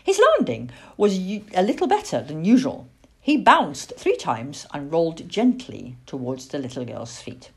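A woman reading a children's storybook aloud, expressive, with little asides. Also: sits low, moderate pace, husky. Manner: expressive and warm-paced, with asides.

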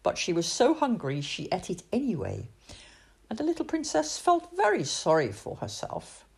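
A woman reading a children's storybook aloud in an expressive, sing-song way. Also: mid-range voice, normal speed, vocal fry, husky.

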